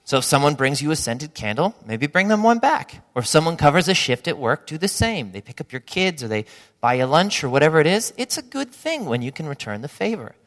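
A man preaching a sermon, animated and acting out imagined voices of his listeners. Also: fairly high pitch, fairly quick, in a large hall. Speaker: pastor.

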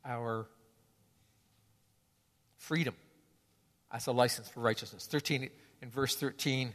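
A man's voice: mid-range voice, fairly even intonation, slow, a bit bright, big-room sound. A male pastor preaching a sermon in an earnest, conversational way, often restarting phrases.

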